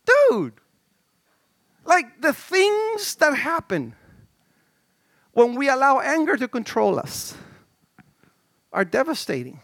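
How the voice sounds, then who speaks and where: A middle-aged male pastor preaching a sermon in an animated, conversational way, with stammered restarts and swings from shouts to low murmurs. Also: slow, vocal fry, pauses often, no echo.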